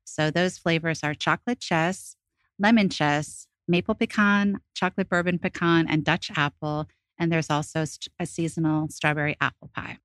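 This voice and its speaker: A woman's voice: deep voice, steady tone, moderate pace, fairly bright tone, no echo. A woman, a shop owner talking as a guest in a radio interview, friendly and explanatory.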